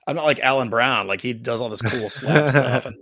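A man talking casually as a podcast guest, his voice carrying a gravelly edge. He takes his time, stumbles through fillers and restarts, and drops the odd dry joke. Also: medium pitch, fairly quick, sharp tone. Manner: laid-back, hesitant, many fillers, dry humor. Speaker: guest musician. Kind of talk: casual interview chat.

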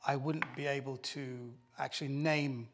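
A man's voice: medium pitch, steady tone, moderate pace, a bit bright. A man on a comedy football panel, rambling through mock-indignant banter. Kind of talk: joking panel chat.

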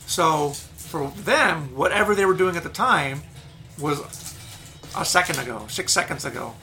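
A man's voice: fairly high pitch, normal speed, pushed and bright, faint music behind. A man narrating as game master in a loose, rambling way.

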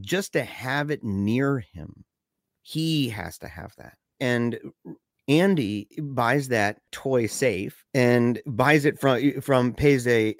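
A talkative man on a casual podcast, with a mid-range voice that climbs when he gets excited and sinks low and quiet for grave memories. He stumbles and restarts his sentences often, peppering them with "you know" and "man". The recording is dry and close, with no room echo. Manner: animated, pitch jumps up when excited, drops low and quiet for somber stories. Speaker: podcast co-host discussing a film. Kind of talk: casual conversational discussion.

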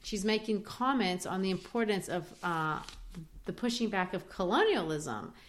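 A woman's voice: mid-range voice, moderate pace. A woman who grew up in Brazil, discussing a play in conversation and retelling its scenes. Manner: animated storytelling, quoting characters.

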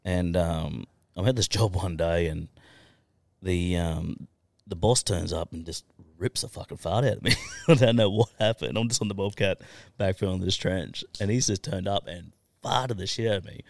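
A man's voice: deep voice, moderate pace, gravelly, no room sound, studio quality. An Australian man telling stories in a casual podcast chat, blunt and swearing freely as he laughs through his stories. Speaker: podcast guest.

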